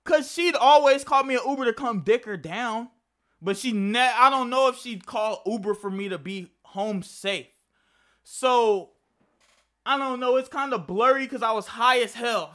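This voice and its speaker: Bright-voiced young man telling a story. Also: high-pitched, clear, resonant tone. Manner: rambling and profane, with frequent restarts. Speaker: vlogger. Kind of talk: casual storytime.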